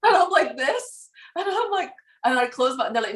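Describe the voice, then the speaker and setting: A woman guest in a casual conversation about her spiritual work, telling stories lively and acting out quoted exchanges, often laughing. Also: on the high side, brisk. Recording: roomy echo.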